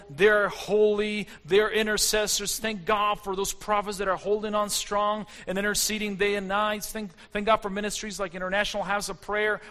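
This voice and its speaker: A man's voice: high voice, bright, forceful tone. A man preaching a fervent sermon, his intensity rising and falling as he speaks. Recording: long hall reverb.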